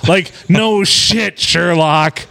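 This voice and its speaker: A man's voice: sits high, very slow, creaky. A man co-hosting a podcast from a bar, telling crude jokes with lots of swearing. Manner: profane, joking, animated. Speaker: podcast co-host. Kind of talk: crude casual banter.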